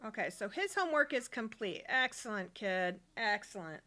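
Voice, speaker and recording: A woman's voice: mid-range voice, expressive, moderate pace, bright, forceful tone. A woman casually narrating her life-sim let's-play, chatty and rambling with many fillers. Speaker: game streamer.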